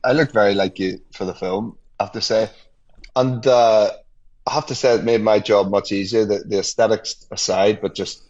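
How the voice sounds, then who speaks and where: A man in his forties, a guest actor in a casual radio conversation, reflective and quick to laugh. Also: fairly low pitch, steady tone, darkish tone, muffled recording. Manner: reflective, laughs often, many restarts.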